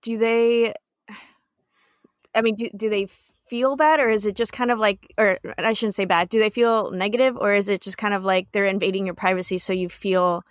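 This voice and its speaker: A woman's voice: mid-range voice, steady tone, normal speed, dry recording, studio quality. A woman co-hosting a podcast, asking questions tentatively and searching for her words. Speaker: podcast co-host. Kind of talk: casual chat.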